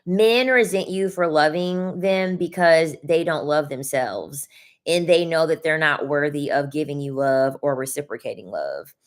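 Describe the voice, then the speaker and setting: A young adult woman hosts a casual livestream and reads chat, her voice low and a little slow. She talks bluntly, swears, and repeats her points for emphasis.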